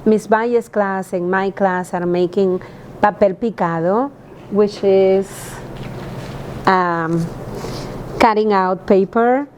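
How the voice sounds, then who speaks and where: Teacher, earnest, pausing, low hum behind. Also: female voice, a little mellow. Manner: earnest, hesitant with fillers. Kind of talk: explaining to camera.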